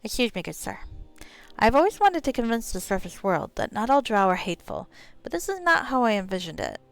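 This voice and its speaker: A woman's voice: fairly high pitch, sing-song, creaky, dry recording, soft background music, voice pushed down. A woman voicing a polite, weary male drow outcast who speaks formally and dryly. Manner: formal, measured and dry.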